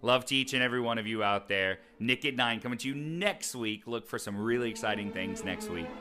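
A man's voice: mid-range voice, brisk, over music. A man hosting a casual web show, upbeat and chatty with loose fillers. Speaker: show host.

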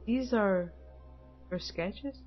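A woman casually commenting as she plays a mystery game, muttering to herself in an unhurried way. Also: medium pitch. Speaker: game player. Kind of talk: casual let's-play commentary. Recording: muffled audio with game music.

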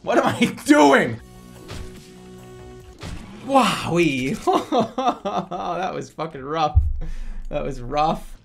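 A man streaming a game, excitable and profane, often laughing and yelping into a desk microphone. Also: on the high side, drawn-out words, creaky, pauses often, faint music behind. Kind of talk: gaming livestream commentary.

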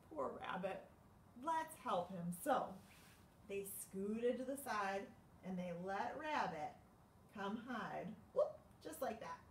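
A young woman librarian reading a picture book aloud at a livestreamed storytime, slow and sing-song with gasps of surprise. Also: medium pitch, slight background noise. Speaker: children's librarian. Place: library room. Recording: echoey room, mic far off.

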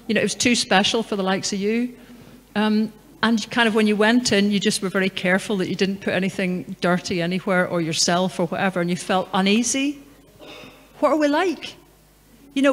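A middle-aged woman giving a public talk in a large hall, speaking in a conversational, anecdotal and emphatic way. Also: mid-range voice. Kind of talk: lecture and Q&A answer. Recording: long hall reverb.

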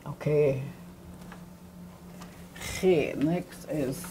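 Casting: unhurried woman language teacher, deep voice, faint room hiss behind. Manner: patient, repeats sounds slowly to demonstrate. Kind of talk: classroom lesson.

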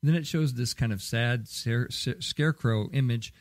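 A man's voice: mid-range voice, moderate pace, no room sound. A man hosting a podcast in casual solo talk, rambling with many fillers and restarts. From Southern California. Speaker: podcast host.

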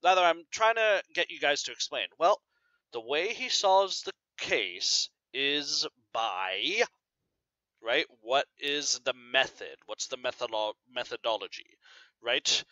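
A man's voice: mid-range voice, expressive, takes it slowly, bright, forceful tone, no echo. A man teacher explaining a story to students in a conversational way, often asking "right?" and using fillers. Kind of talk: recorded lesson on a novel reading. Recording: dry, slightly dull lo-fi recording.

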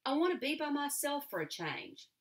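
A woman's voice: high-pitched, big pitch swings, moderate pace, voice pushed up. A woman voicing a restless, wistful young girl who longs for freedom, speaking in an earnest, pleading way.

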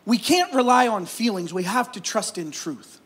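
A man with a very high voice preaches a sermon. He is middle-aged and moves between animated, raised passages and quiet, hushed ones. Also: moderate pace, husky. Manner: animated preaching with sudden soft, hushed stretches. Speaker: pastor.

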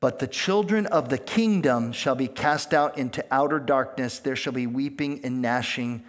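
A male pastor preaching an unscripted sermon, rising in pitch and volume on key points and acting out the voices of people he quotes. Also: normal speed. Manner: plain delivery with fillers and restarts, not scripted.

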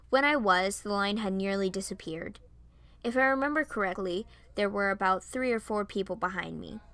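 A woman's voice: medium pitch, a bit bright, no room sound. Young woman, fan story narrator, nervous stammering first-person reading, dry close mic.

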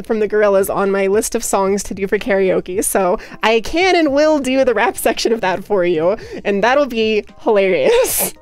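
A young woman livestreamer chatting casually with her viewers, talking rapidly and nonstop with hyperactive energy. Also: fairly high pitch, smooth. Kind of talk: casual chat with stream viewers.

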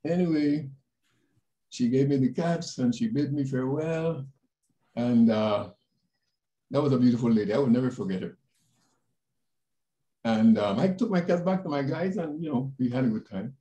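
An older man from the Panama Canal Zone, a panelist telling personal stories in an animated way over a video call. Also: normal speed, pauses often. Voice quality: animated, jumps in pitch when quoting others. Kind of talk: personal storytelling. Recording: roomy echo.

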